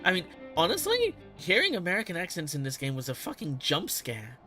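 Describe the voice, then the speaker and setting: A man's voice: high voice, huge pitch swings, fairly quick, bright, forceful tone, soft background music. A man streaming a game, chatting casually with viewers, laughing often and swearing lightly. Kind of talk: casual live-stream chat.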